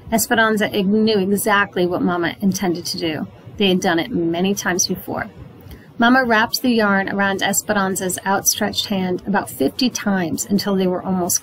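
A woman reading a chapter book aloud to young listeners, at a steady, clear pace. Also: medium pitch, slight background noise, rough recording. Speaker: read-aloud narrator.

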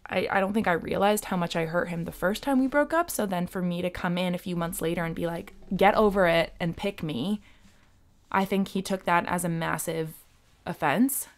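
A woman's voice: lowish voice, brisk. A woman vlogger telling a personal story in a candid, emotional, confiding way. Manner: emotional, confiding, frequent "like" fillers.

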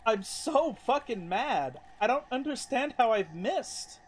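A man's voice: very high-pitched, big pitch swings, takes it slowly, slight background noise. A man streaming a video game, talking casually, exasperated and swearing heavily. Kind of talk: casual live-stream commentary.

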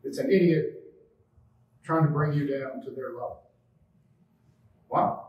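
A man's voice: mid-range voice, unhurried, highs cut off. A man giving a casual spiritual talk, rambling and conversational, with casual swearing. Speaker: spiritual group leader. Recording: roomy, distant mic.

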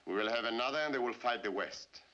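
An actor in a 1950s film playing a ruthless Soviet general who speaks in a cold, measured way. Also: male voice, mid-range voice, bright, forceful tone. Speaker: Soviet official. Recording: muffled old film soundtrack.

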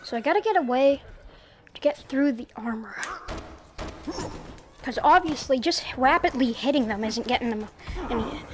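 A woman giving casual gameplay commentary at home on a headset, talking to the game and shouting at the enemies in frustration. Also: sits high, normal speed, long pauses, noisy background. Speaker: gaming YouTuber.

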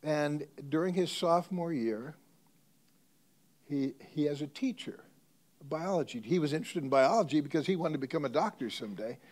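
A man preaching a sermon as a pastor, telling a story and swinging between loud emphasis and hushed tones. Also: a little high, lively intonation, normal speed.

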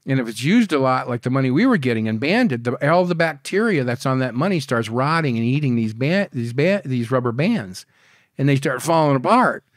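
Older man, foul-mouthed storyteller, mid-pitched voice, dry close sound. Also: brisk, dry recording. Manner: profane, rambling, animated storyteller. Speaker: podcast guest. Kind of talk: casual storytelling interview.

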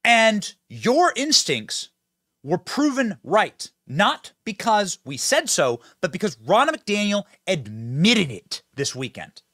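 A man's voice: high voice, huge pitch swings, sharp tone, no echo, clean studio sound. A man hosting a political commentary show, talking emphatically and straight to his audience. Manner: emphatic, fast-talking, addresses audience directly.

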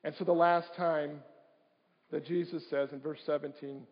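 A man's voice: on the high side, steady tone, measured pace. A man preaching a sermon as a pastor, often putting questions to his congregation. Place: church sanctuary. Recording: dull livestream audio in a reverberant church.

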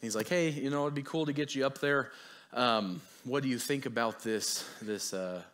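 A man's voice: medium pitch, normal speed, a bit bright. Chatty young man preaching a sermon. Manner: chatty, self-deprecating, laughs often. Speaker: guest preacher. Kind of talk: casual sermon.

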